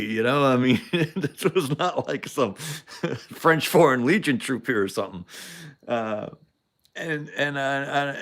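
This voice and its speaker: A man's voice: a little high, sharp tone. A man hosting a show, telling a story casually, rambling with frequent laughs and restarts. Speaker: show host.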